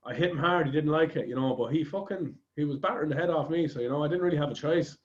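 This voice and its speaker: A man's voice: a little high, racing, muffled recording. A man with an Irish accent hosting a podcast, telling a rambling anecdote in casual chat and swearing freely. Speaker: podcast host.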